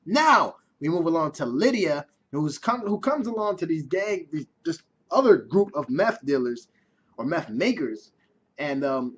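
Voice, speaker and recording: Male reviewer, higher voice, casual and profane, dull lo-fi recording. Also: lively intonation, normal speed, slight background noise. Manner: casual, chatty, swears freely. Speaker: TV episode reviewer.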